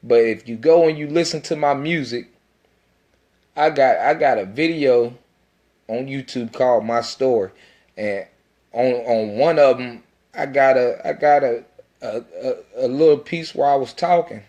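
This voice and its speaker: A man's voice: medium pitch, unhurried, a little mellow. A man, an independent rapper, talking in a casual self-recorded monologue that is intense, rambling and full of profanity.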